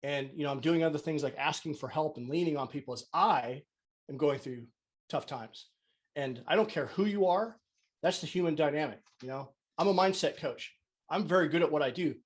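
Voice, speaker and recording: Casting note: man, fairly high voice, earnest motivational coach on a video call. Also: fairly quick. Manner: earnest, repeats words when searching. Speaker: mindset coach, conference speaker. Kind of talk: motivational talk. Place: online video conference.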